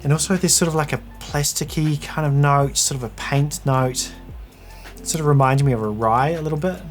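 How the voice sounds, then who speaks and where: A man's voice: a little high, a little fast, soft background music. A man giving a casual whisky tasting review, chatting and thinking aloud as he tastes.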